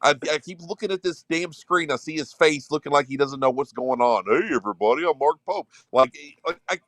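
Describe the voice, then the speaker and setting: A man's voice: on the high side, steady tone, fairly quick, fairly bright tone, no echo. A man co-hosting a sports talk show, ranting in a worked-up, exasperated way. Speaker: sports radio co-host.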